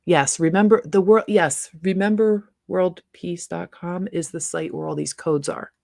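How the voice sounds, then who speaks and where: A woman's voice: on the low side, fairly even intonation, unhurried, gravelly, darkish tone, no echo, studio quality. A middle-aged woman hosting a casual livestream, chatty and rambling, laughing often between asides. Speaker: livestream host.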